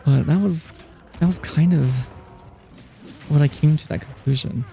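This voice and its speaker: A male streamer with a soothing, relaxing voice, pitched a little high but mellow in tone. He speaks softly and unhurriedly, with a gravelly edge, and faint music plays behind him. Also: unhurried, a little hiss or hum. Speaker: live streamer. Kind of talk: casual chat, answering viewers while gaming.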